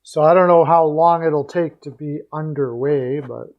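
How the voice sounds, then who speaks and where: Slightly high-voiced man hosting a stream. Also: a little slow, dull audio. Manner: relaxed, rambling sign-off with fillers. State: losing his voice. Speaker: live stream host. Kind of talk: casual live-stream chat.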